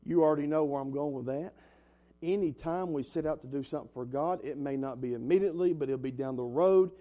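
A man's voice: fairly high pitch, fast talker, dark tone, lo-fi sound. Earnest young preacher man. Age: young adult. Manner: earnest, emphatic, folksy preaching. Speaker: pastor. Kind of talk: sermon.

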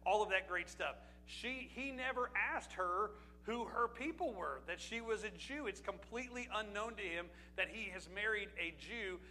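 High, bright-voiced preaching man. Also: moderate pace, hardly any pauses, slight background noise, low-quality recording. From Pennsylvania. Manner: conversational preaching with rhetorical questions and asides. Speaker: pastor. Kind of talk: sermon.

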